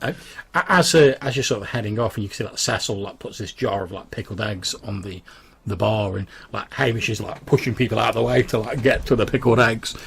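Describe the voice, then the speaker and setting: A man's voice: lowish voice, fairly quick, gravelly, fairly bright tone, a little hiss or hum. A man narrating a tabletop game as game master, rambling with many fillers.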